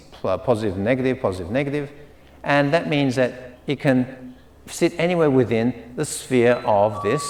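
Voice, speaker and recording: A man giving an academic lecture, repeating key words and pausing on fillers and okays. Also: mid-range voice, darkish tone, roomy sound.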